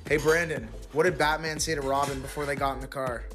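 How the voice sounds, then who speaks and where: A man's voice: on the high side, steady tone, fast talker, music in the background. A man telling a series of riddle jokes, each with a setup and then a punchline.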